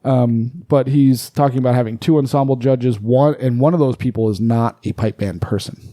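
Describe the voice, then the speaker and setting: A man's voice: medium pitch, normal speed, mellow, no room sound, clean studio sound. A man co-hosting a casual podcast who swears freely and explains things in a rambling way. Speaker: podcast co-host.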